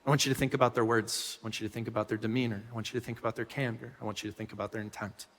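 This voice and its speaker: A man preaching a sermon as pastor, telling stories with animated swings from loud bursts to soft asides. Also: lowish voice, very fast, big-room sound. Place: church hall.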